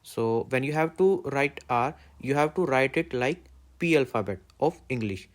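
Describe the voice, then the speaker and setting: A man's voice: medium pitch, lively intonation, normal speed. A man, a Hindi native speaker, teaching letters in plain step-by-step explanations. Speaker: language teacher. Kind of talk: alphabet lesson.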